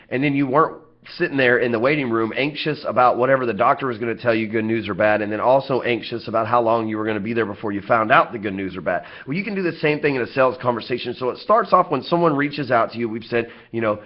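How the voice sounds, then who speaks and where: A man's voice: medium pitch, quick pace, few pauses. A man with a Southern US accent giving a casual sales training talk, blunt and profane with joking asides. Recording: slightly dull lo-fi audio.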